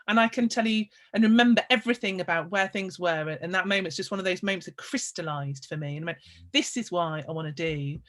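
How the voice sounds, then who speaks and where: A woman, a storyteller hosting a conversation, reflecting aloud in a casual, animated way. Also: mid-range voice. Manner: animated, acts out quoted voices, thinks aloud.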